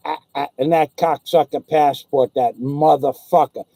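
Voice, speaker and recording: A man's voice: a little high, fairly even intonation, measured pace, dark tone, no echo, rough recording. A man hosting his own video channel, ranting in a crude, rambling way full of swearing. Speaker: YouTube vlogger. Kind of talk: profane comedic rant.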